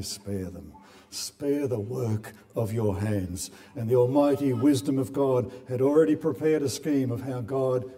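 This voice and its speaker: A man's voice: mid-range voice, dark tone. A man preaching a sermon in an earnest way, often repeating words as he builds a point. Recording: long hall reverb.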